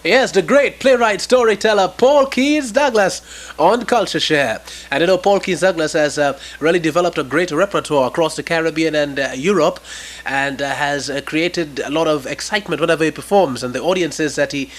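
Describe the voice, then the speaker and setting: Male TV host, slightly raised pitch, halting delivery with many fillers. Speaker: TV show host. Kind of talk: TV host commentary.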